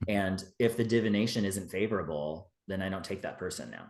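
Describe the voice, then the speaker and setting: A man speaking as a podcast guest in relaxed, rambling conversation, full of "you know" fillers. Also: low voice, fairly quick. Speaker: guest, witchcraft teacher. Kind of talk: casual interview talk. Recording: roomy echo.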